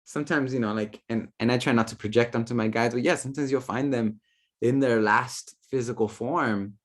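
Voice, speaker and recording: A man's voice: mid-range voice, fairly quick. A man giving a casual, playful talk on spirit guides, full of slang, fillers and quoted asides. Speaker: spiritual teacher.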